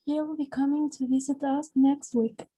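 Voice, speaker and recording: A woman's voice: high-pitched, flat delivery, moderate pace, dark tone, no room sound, low-quality recording. A woman student reading an English example aloud in an online class. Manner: brief plain reading aloud.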